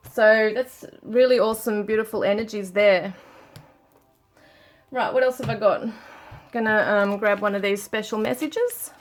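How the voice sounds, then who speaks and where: A woman doing a pick-a-card tarot reading, gently reading card messages aloud and commenting on them. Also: a little high. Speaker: tarot reader.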